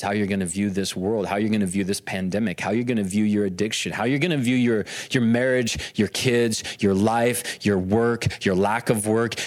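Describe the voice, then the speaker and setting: Impassioned preaching man, slightly high voice. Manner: impassioned, repetitive preaching with restarts. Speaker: pastor. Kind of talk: sermon.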